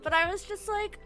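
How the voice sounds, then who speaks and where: A woman streamer in casual chat, excitably rambling through a story with lots of "like". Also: sits high. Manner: excitable rambling retelling, heavy use of "like".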